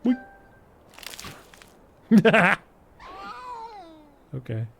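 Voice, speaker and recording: A man's voice: sits high, very animated, extremely slow, vocal fry, fairly bright tone, slight background noise. A young man casually commenting as he plays a game, playful and reacting aloud. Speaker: game streamer.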